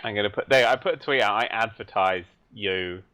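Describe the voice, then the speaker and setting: A man's voice: fairly low pitch, fairly quick, sharp tone. A man, a podcast guest, chatting casually while gaming and joking, teasing and laughing a lot.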